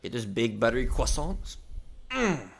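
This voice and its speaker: A man's voice: medium pitch, very animated, a little slow, creaky. A young man co-hosting a podcast in casual chat, joking around and trying silly voices. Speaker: podcast co-host.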